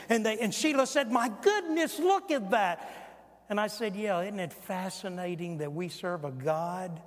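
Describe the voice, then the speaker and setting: An older male pastor in his sixties delivers a sermon in a high, ringing voice. He preaches with force, pushing his voice up when quoting and dropping it low and quiet for asides. His words trail off into the long reverb of a large sanctuary.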